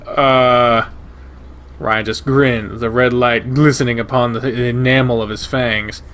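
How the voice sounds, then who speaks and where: A man with a medium-pitched voice reads a visual novel aloud, narrating the game in first person. His delivery is steady and measured.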